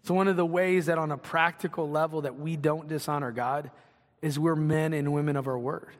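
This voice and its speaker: Man preaching, high voice, conversational sermon, long hall reverb, church sanctuary. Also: fairly even intonation, brisk. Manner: conversational preaching with asides and acted quotes. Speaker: pastor.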